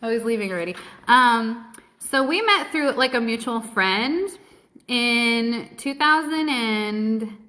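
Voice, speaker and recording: Talking into her phone from home, a woman with a high, bright, sharp voice hosts a live keto Q&A stream at a slow pace. It's casual live-stream chat while eating: she swears heavily, stays blunt and cheerful, and talks with her mouth full between bites.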